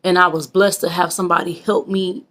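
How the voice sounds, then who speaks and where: A Michigan vlogger talks to her viewers in a heartfelt, emotional, preachy way, calling them kings and queens in casual conversation. Her voice is low and steady, fairly quick, with a fairly bright tone.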